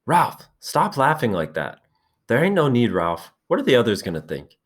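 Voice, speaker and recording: A man reading a novel aloud and voicing an anxious, fussy schoolboy with glasses in a high, shrill, pleading voice. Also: wildly swooping pitch, moderate pace, breathy edge.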